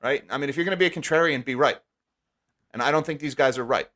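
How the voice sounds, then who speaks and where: A man hosting a live stream, talking casually and wryly, with quick sarcastic asides. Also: medium pitch, fairly bright tone. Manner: chatty, wry, quick asides. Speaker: livestream host.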